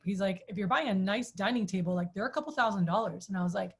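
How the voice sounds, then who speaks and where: A woman in her thirties, chatty and animated, telling a personal story to a group, with many "like"s. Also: mid-range voice, fast talker, few pauses, slightly rough. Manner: chatty, animated, says "like" often. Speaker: sales trainer.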